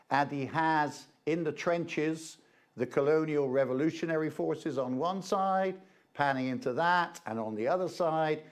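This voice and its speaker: Man giving a chatty slide-show talk. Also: on the high side. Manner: chatty, hesitant, with frequent 'uh' fillers. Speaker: guest presenter, reverend. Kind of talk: informal slide-show lecture.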